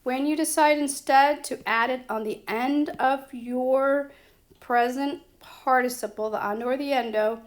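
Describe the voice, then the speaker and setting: Slow, patient woman teaching grammar. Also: sits high, fairly even intonation. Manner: slow, patient, checks in with "okay?" and "right?". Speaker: Spanish teacher. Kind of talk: grammar lesson explanation.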